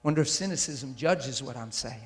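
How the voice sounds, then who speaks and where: A man's voice: medium pitch, lively intonation, brisk. A man preaching a sermon into a mic in a large church hall, intense and emphatic, often asking the crowd if they follow him. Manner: intense and emphatic, with rhetorical questions to the audience. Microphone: handheld or stand mic. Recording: long hall reverb.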